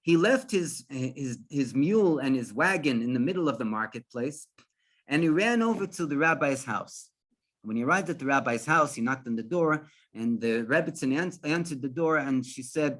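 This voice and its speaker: Animated rabbi telling a story. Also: male voice, medium pitch, normal speed. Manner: animated, with frequent restarts and fillers.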